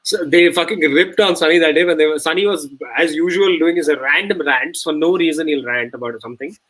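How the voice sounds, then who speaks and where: A man's voice: fairly high pitch, brisk, fairly bright tone, low-quality recording. A man co-hosting a cricket watch-along, chatting casually, telling stories with a laugh and swearing freely. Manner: laughing, swears, tells anecdotes. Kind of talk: casual live-stream chat and commentary.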